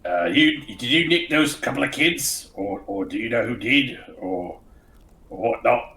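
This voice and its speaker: A man's voice: medium pitch, lively intonation, a little slow, bright, forceful tone, echoey room, rough recording. A man voicing a blunt, slangy male adventurer who rambles as he asks questions. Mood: puzzled.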